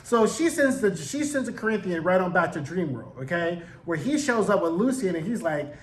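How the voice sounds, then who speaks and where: A man giving a casual, slangy recap and review of a TV show, animated and full of profanity. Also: sits high, normal speed, roomy sound, a little hiss or hum.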